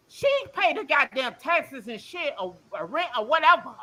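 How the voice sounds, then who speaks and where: An emotional woman calls in to a live show and vents in a blunt, profane, rambling way. Her voice is bright and a little high. She swings between heated outbursts and quieter, shaken moments. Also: very animated, normal speed, hardly any pauses. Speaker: caller on a livestream. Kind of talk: emotional call-in rant.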